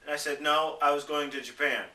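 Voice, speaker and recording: High-voiced upset young man ranting. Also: steady tone, brisk, sharp tone, roomy sound, distant mic. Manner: emotional, restless, mocks others in high voices. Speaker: vlogger. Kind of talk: upset personal rant to camera.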